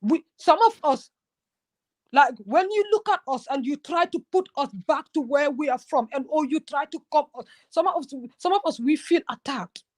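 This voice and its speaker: Gambian woman, earnest and emotional, stumbling restarts, voice on the high side. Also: lively intonation, moderate pace. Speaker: YouTuber guest. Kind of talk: impassioned conversation.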